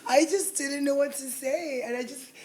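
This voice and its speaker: A woman comedian with a South Florida accent, telling a fast, animated story on a podcast and mixing in Spanish. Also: sits high. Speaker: comedian guest. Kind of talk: casual podcast chat.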